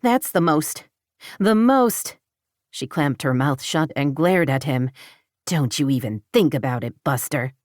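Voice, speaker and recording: A woman voicing a wary pregnant woman in an audiobook romance, answering in sharp, guarded retorts. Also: low voice, lively intonation, a little slow, dry recording, studio quality. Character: wary pregnant woman, prickly then yielding.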